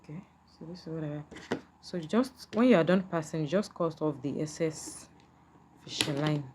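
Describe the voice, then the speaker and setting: A woman walks through a beading craft one step at a time, patient and repetitive, often checking whether the viewer can follow. Her voice sits low, and a faint hum of room noise runs underneath. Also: normal speed. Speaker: beading tutor.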